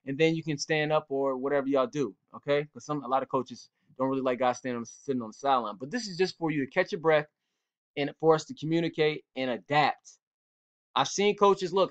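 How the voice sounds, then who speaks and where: A man who coaches football talks casually and in slang to young players, acting out sideline exchanges as he tells stories. His voice sits a little high for a man. The recording is dull and lo-fi. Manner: laid-back, slangy, storytelling with quoted exchanges. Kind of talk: casual instructional talk.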